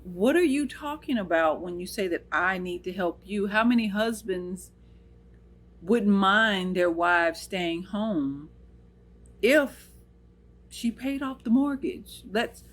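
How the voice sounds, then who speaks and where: A woman's voice: medium pitch, lively intonation, slow pace. An American woman hosting her own channel, telling a personal story in an earnest, emotional way and quoting what people said. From United States. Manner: earnest, emotional, retells scenes with quoted dialogue. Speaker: channel host.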